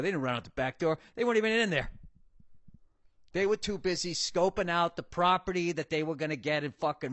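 Profane ranting man, bright close voice. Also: fairly high pitch, dry recording. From United States. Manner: profane, ranting, mocking voices mid-story. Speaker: podcast host. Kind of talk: comedic monologue rant.

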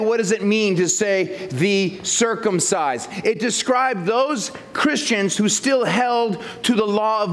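A man preaching a verse-by-verse sermon as pastor, animated and jokey, acting out the people in the text. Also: high-pitched. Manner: animated, jokey, acts out quotes.

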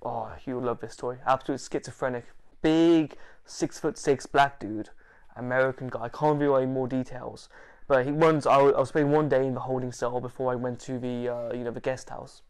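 Man, interview guest, casual storytelling, animated, laughing, swearing, middle pitch. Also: brisk, clean tone.

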